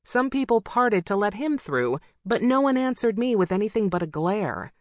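A woman reading a first-person novel aloud as an audiobook narrator, with wry, brisk storytelling. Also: medium pitch, very animated, no echo, clean studio sound.

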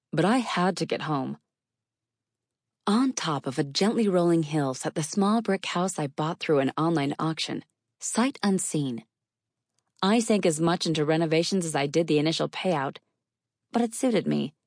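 A woman narrating a first-person novel in a measured, wry storytelling manner. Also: sits low, gravelly, a little mellow, no echo, studio quality. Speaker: audiobook narrator.

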